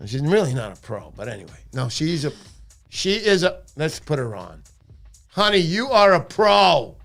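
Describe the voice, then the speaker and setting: A middle-aged man hosting a casual livestream, playful and jokey with loud bursts of excitement. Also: on the high side, moderate pace, gravelly, faint music behind. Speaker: livestream host.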